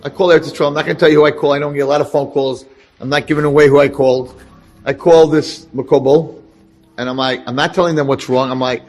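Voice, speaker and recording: A rabbi telling a story to an audience, animated and acting out the lines of the people in it. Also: male voice, fairly high pitch, fast, faint music behind. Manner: animated, acts out dialogue. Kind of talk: storytelling talk.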